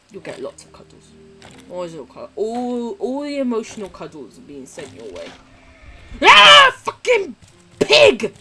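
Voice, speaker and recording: Foul-mouthed, gushing woman streamer. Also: medium pitch. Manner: swears freely, gushing and affectionate. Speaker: live streamer. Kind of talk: casual gaming stream chat.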